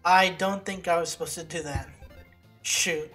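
Slow-talking woman doing game commentary. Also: fairly low pitch, breathy edge. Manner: excitable, swears and yelps at setbacks. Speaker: let's play gamer. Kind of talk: casual gameplay commentary. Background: game music.

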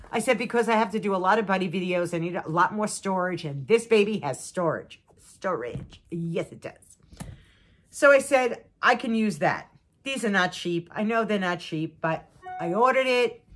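A woman in her sixties chats through a long story about her husband. Her voice rises and falls a lot and sounds bright. She comes across as exasperated, with laughing asides along the way. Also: fairly low pitch. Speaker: vlogger. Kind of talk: casual storytelling to camera.

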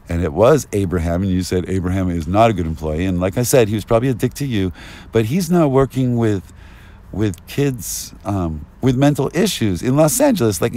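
A man rambling through an agitated street monologue, at times rising to yelling, recorded outdoors on a binaural mic. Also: on the low side. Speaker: vlogger.

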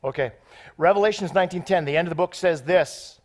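A man preaching a sermon in an excitable, off-the-cuff way, joking with the congregation between scripture readings. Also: high voice, a little fast. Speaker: guest preacher.

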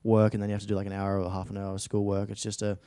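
A man's voice: on the low side, completely flat delivery, very fast, dark tone, clean tone, dry recording. A young Australian man in his late teens, an actor chatting casually in a studio interview, rambling with frequent restarts and fillers. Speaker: actor guest.

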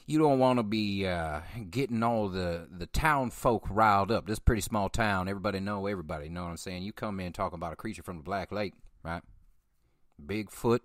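A man imitating a folksy older small-town Southern sheriff, talking in a slow drawl and a low voice. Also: dry recording, studio quality, lightly acted. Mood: warning.

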